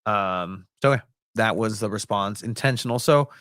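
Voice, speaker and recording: A man's voice: lowish voice, a little slow, fairly bright tone, smooth, dry recording, clean studio sound. A young man co-hosting a casual sports podcast, rambling with lots of fillers and jokes. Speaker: podcast co-host and soccer reporter.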